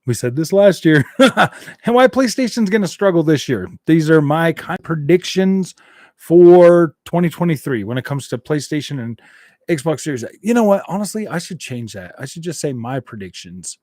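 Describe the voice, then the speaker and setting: A man's voice: on the high side, very animated, normal speed, dark tone, no room sound, clean studio sound. A man hosting a casual gaming livestream, rambling, repeating himself and laughing between thoughts. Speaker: gaming channel host.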